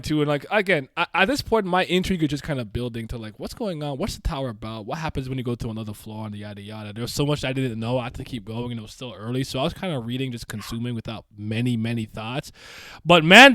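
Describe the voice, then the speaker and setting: A man's voice: mid-range voice, fast, no echo. A young man casually reading a comic aloud and reacting, laughing often and giving the characters light voices. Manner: animated, laughs often, reads characters' lines with mild voices.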